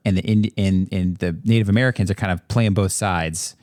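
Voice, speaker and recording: Deep-voiced man in casual chat. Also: steady tone, fairly quick, a little mellow, dry recording, studio quality. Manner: conversational, enthusiastic. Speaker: podcast co-host. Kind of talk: casual history discussion.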